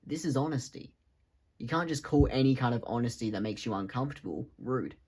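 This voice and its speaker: A man's voice: mid-range voice, expressive, fairly quick, background noise. A man, talking in a rambling, casual monologue for his vlog, swearing freely. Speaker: vlogger.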